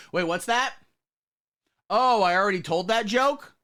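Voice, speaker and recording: A man hosts a satirical news show, delivering commentary with mock-pompous swagger and sudden low asides. His pace is unhurried and his tone sharp.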